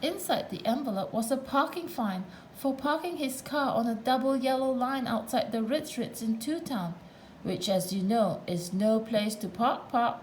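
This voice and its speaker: A woman's voice: high-pitched, expressive, normal speed, slight background noise, poor audio. Woman reading a storybook aloud. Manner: playful, chatty asides to the listener. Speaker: narrator.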